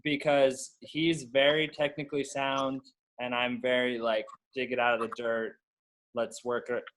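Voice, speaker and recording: A man's voice: medium pitch, flat delivery, a little slow, a bit bright. A man guesting on a casual podcast, rambling and poking fun at himself. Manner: rambling, self-deprecating. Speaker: guest pro golfer.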